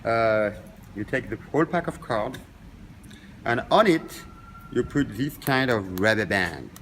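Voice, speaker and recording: Animated man explaining a card trick. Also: on the low side, measured pace, a little hiss or hum. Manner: demonstrates step by step, acts out patter to spectators. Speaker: magician teaching a card trick. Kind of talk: casual tutorial explanation. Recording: echoey room.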